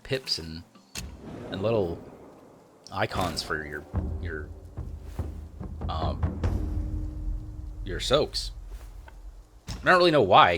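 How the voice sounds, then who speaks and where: Let's play host, man, low and creaky, casual and meandering, thinking out loud. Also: a little hiss or hum. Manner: rambling, thinking aloud with fillers. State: tired, yawning. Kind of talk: casual gameplay commentary.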